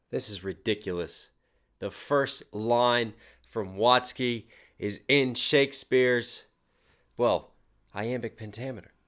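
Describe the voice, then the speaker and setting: A man who raps, hosting a casual reaction video, hyped and animated as he breaks down lyrics line by line. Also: on the low side. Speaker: rapper and reaction host.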